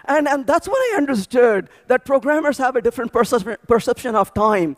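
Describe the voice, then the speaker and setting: A man speaking at a programming conference, telling animated stories with frequent restarts and repeated words. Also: very high voice, fairly quick, hardly any pauses. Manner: animated storytelling with many restarts. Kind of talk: energetic tech conference talk. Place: large conference hall.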